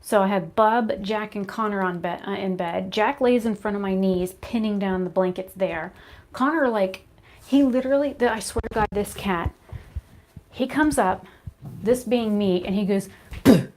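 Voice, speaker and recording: A woman's voice: mid-range voice, moderate pace. Chatty woman vlogging while doing makeup. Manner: chatty, rambling, animated storytelling with laughs. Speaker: beauty vlogger. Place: her home, indoors. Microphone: phone camera at arm's length.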